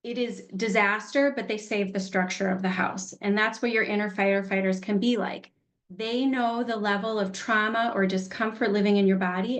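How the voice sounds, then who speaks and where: Chatty woman teaching a healing class. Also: medium pitch. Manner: chatty, candid, laughs easily. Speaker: workshop teacher.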